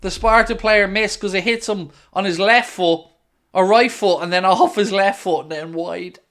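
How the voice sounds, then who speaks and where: An Irish man hosting a live football watchalong, reacting excitedly and calling the play as it happens. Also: high voice, normal speed. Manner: excitable, jumps into play-by-play shouts. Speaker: watchalong host. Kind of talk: live match reaction commentary.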